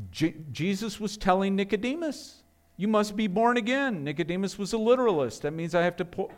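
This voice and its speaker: Earnest male pastor preaching, raised pitch. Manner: earnest preaching with rhetorical questions and frequent restarts. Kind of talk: sermon.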